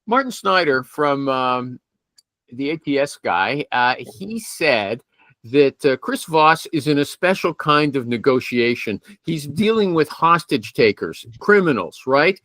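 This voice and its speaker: A man's voice: a little high, animated, measured pace, a bit bright, no echo. A man hosting a casual podcast interview, probing his guest with pointed questions and cutting in often. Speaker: host.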